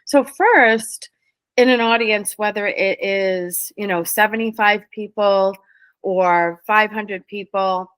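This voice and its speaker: A woman, a spirit medium guest, talking casually and quickly in an interview, explaining in a lively, flowing way. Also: medium pitch, dry recording. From New England.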